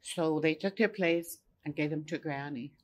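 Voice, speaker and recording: Gentle older Cree-speaking woman storyteller. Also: low voice. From Saskatchewan, Canada. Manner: gentle, unhurried, repeats phrases. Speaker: elder. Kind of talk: personal storytelling at a panel.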